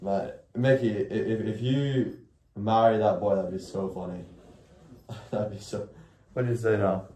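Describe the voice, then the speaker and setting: A man's voice: lowish voice, fairly even intonation, unhurried, dark tone, a little hiss or hum. A young man chatting casually on a live stream, rambling, correcting himself and swearing often. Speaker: IRL streamer.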